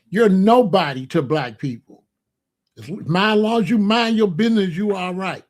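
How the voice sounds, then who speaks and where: A man's voice: high voice, expressive, moderate pace. A man delivering heated, confrontational stream commentary in blunt street slang.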